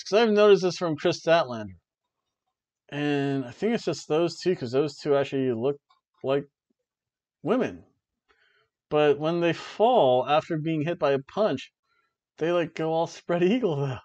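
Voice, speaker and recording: A man hosting a wrestling review show, talking in an animated, chatty way with offhand asides. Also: a little high, muffled recording. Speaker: wrestling review podcast host. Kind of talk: casual chat.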